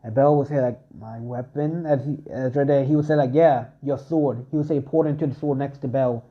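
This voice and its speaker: A man's voice: medium pitch, fairly even intonation, quick pace, lo-fi sound. A young man improvising a fan story narration, rambling with heavy fillers.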